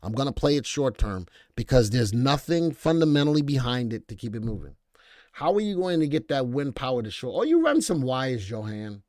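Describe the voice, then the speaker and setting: A man hosting a live stock market commentary show, animated and joking as he reads viewer comments aloud. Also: medium pitch, fairly quick, no echo, clean studio sound.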